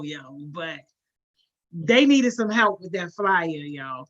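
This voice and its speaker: A woman hosting a live stream, talking casually and greeting viewers one by one with slangy encouragement. Her voice sits at a middle pitch for a woman. The audio is a little dull and lo-fi. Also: sing-song, takes it slowly, a bit bright. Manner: upbeat, greets viewers by name, slangy with "baby" and "yo"; encouraging, motivational. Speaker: host of a youth program livestream.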